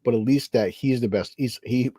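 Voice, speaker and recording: A man's voice: mid-range voice, normal speed, warm tone, husky, no room sound, clean studio sound. A man co-hosting a casual movie-watching podcast, laid-back, swearing and laughing freely. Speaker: podcast co-host.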